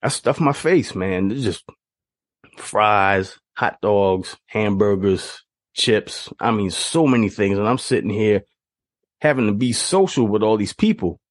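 A man hosting a podcast, telling childhood stories in an animated, casual way with frequent laughter. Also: lowish voice, measured pace, no room sound, studio quality. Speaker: podcast host. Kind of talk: casual storytelling.

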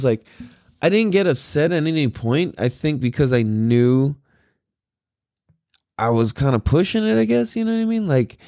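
In a dry, studio-quality recording, a young podcast host with a slightly high, dark-toned voice delivers a casual solo monologue. He sounds tired and laid-back, rambling with frequent swearing, fillers and laughter.

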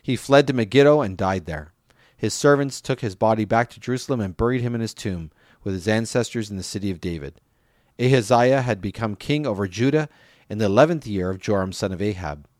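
A man with a somewhat low voice reads a Bible passage aloud in an even, steady way. The sound is close and dry, with no room around it. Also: a little fast, no room sound. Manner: steady reading, lifts voice for quoted speech. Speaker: scripture reader.

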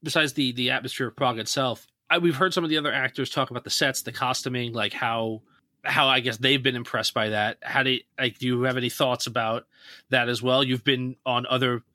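A man's voice: medium pitch, fairly even intonation, a little fast, bright, forceful tone, no echo. A man co-hosting a podcast, asking a rambling, hesitant question in casual chat. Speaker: podcast co-host.

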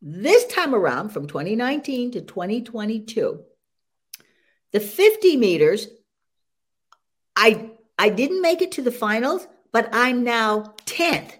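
An older woman, a senior sprinter, telling her story as an interview guest, animated and laughing often as she talks. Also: a little high, a little slow.

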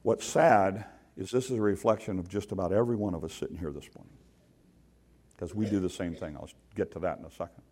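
A man's voice: deep voice, quick pace, darkish tone. A man preaching a sermon to his congregation in a conversational way, often putting questions to the listeners. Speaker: pastor. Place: church sanctuary.

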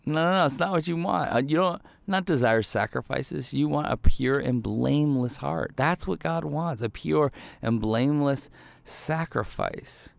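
A man's voice: a little high, measured pace, vocal fry, dry recording. A man giving a casual, conversational sermon, talking loosely with lots of "like" and "right?" asides. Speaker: preacher.

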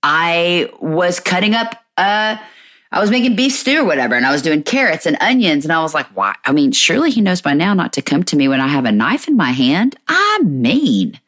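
A woman's voice: on the low side, sing-song, fairly quick, fairly bright tone. A woman in her thirties hosting a podcast, talking candidly in a chatty, self-mocking way. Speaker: podcast host. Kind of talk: casual monologue.

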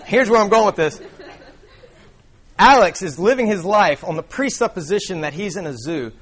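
A man's voice: high-pitched, expressive, normal speed, a bit bright, a faint crowd. Casual young male preacher. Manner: casual, conversational, many fillers. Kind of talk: sermon. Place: church before a congregation.

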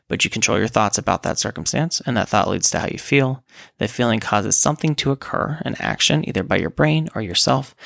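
A man with a low, gravelly voice talks through his points as a podcast host. He explains step by step and checks in with the listener often. The recording is dry and close. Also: fairly bright tone, no room sound. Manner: conversational, explains step by step with "right?" check-ins. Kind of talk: solo podcast talk.

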